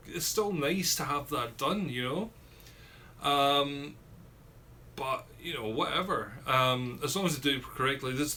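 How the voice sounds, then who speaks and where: Chatty Scottish man, bright voice. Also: mid-range voice, a little hiss or hum. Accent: Scottish, southwest coast near Glasgow. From Scotland. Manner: chatty, many fillers and repeated words, reads viewers' comments aloud. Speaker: YouTuber hosting a live chat. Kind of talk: casual live-stream chat reading comments.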